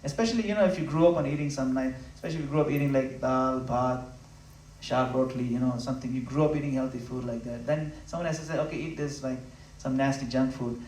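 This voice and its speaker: A man giving a devotional talk at a home gathering, impassioned and conversational, swinging from loud emphatic peaks to low, intimate asides. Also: fairly even intonation, a little hiss or hum. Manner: conversational, acts out quick voices of listeners. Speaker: spiritual speaker. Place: room in a home. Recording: roomy, from a distance.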